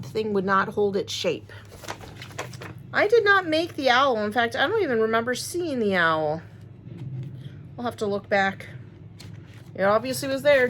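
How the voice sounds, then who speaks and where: A woman's voice: a little high, a bit bright, a little hiss or hum. A woman chatting casually to her viewers, rambling and friendly as she unboxes crochet supplies. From Wisconsin, USA. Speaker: crochet vlogger.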